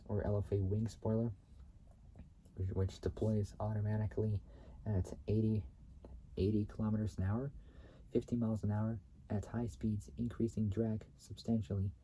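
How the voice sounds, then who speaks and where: Low halting man reading car facts. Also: mellow, slight background noise, low-quality recording. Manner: halting, restarts and repeats phrases, corrects himself. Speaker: YouTube channel host.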